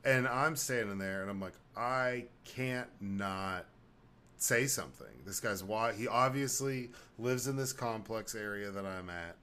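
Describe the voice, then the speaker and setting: A man with a fairly low voice co-hosts a podcast in loose, casual chat. He tells his stories with animated, swearing energy and keeps the pace going as he talks. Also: normal speed, few pauses, clean tone. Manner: animated profane storytelling. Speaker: podcast co-host.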